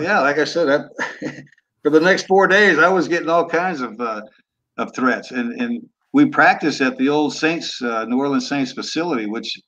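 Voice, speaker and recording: A man's voice: mid-range voice, fairly bright tone. Blunt laid-back older man, muffled audio. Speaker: guest, former football quarterback. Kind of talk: casual storytelling interview. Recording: dull lo-fi remote audio.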